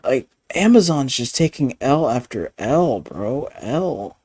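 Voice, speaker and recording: A man ranting in casual chat as a streamer, animated and profane, often laughing. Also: medium pitch, takes it slowly, husky, no room sound, studio quality.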